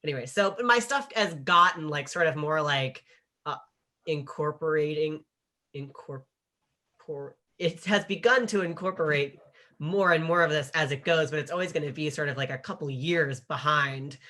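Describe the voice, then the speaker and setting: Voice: medium pitch, normal speed, sharp tone. An author speaking as a guest in a panel talk, rambling and full of filler words, often laughing.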